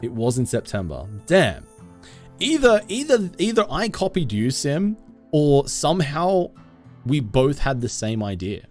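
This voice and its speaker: A male game streamer talking slowly and unhurriedly, his pitch bouncing all over as he jokes with his chat. He is goofy and self-mocking, and faint game music plays underneath his voice. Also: big pitch swings, a little mellow. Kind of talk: casual live-stream chat with viewers.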